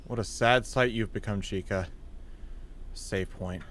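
A man streaming a horror game, thinking aloud and breaking into high yells at scares. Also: a little slow, a little hiss or hum. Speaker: gaming streamer. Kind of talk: live gameplay commentary.

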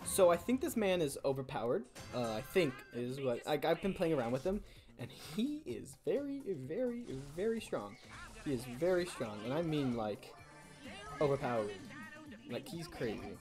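A woman's voice: low-pitched, big pitch swings, moderate pace, mellow, faint music behind. A young woman hosting a gaming channel, giving playful, jokey, self-mocking commentary over her gameplay.

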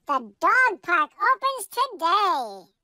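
Excitable young male pug, very high, lively. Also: slow, no echo, studio quality, full character voice. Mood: excited. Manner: eager and exclamatory.

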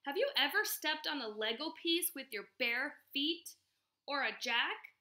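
Casting: woman teacher, high bright voice, storybook read-aloud for little kids. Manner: expressive, pauses to ask questions. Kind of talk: reading a storybook aloud to young children.

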